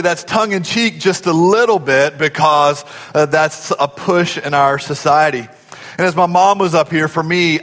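A man's voice: fairly high pitch, a bit bright, long reverb tail. A man preaching a sermon as pastor, folksy and conversational, often asking the congregation questions.

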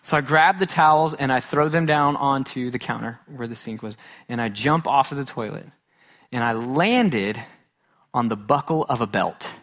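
A man preaching a sermon, telling a funny childhood story with self-mocking humor, then dropping to a hushed, earnest tone. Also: mid-range voice. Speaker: pastor.

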